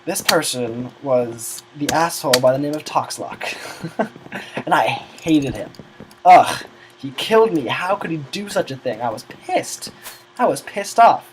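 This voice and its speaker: A man's voice: on the high side, lively intonation, a little slow, a little hiss or hum, poor audio. A teenage boy telling a long, rambling story about gaming friends, often losing his train of thought. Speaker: gamer recounting a server's history.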